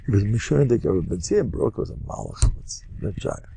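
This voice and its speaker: An older man, a rabbi, giving a humorous Torah lecture full of animated storytelling. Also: on the low side, moderate pace, creaky, breathy edge. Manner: animated, humorous storyteller who loudly acts out quotes.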